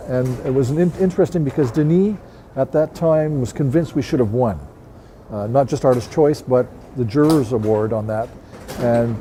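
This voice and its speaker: A middle-aged man talking in a documentary interview, hesitant and pausing often on "uh". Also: mid-range voice, dark tone, slight background noise. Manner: hesitant, many "uh" fillers. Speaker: snow sculptor.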